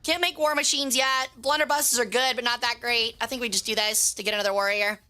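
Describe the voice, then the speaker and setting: A woman's voice: a little high, steady tone, brisk, sharp tone. Chatty, cursing woman game streamer. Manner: chatty, profane, rambling. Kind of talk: casual gaming livestream commentary.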